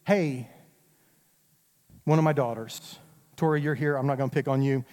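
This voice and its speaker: A man's voice: mid-range voice, steady tone, moderate pace, darkish tone. A middle-aged man preaching a sermon, talking straight to the congregation in a conversational way. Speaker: pastor. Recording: long hall reverb.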